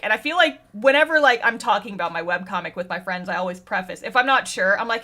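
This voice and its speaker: A young woman chatting as a podcast co-host, her voice high and bright. She talks in an animated way, laughs often and drops the odd swear word. Relaxed, conversational delivery. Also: fast, hardly any pauses. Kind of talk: casual chat.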